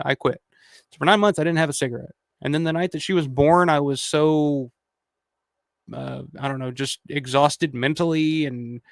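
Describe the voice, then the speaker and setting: A man's voice: on the high side, dry recording, studio quality. A man in his thirties hosting a casual livestream, reading viewer comments and rambling with lots of swearing and restarts. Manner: rambling, profane, many restarts. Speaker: channel host.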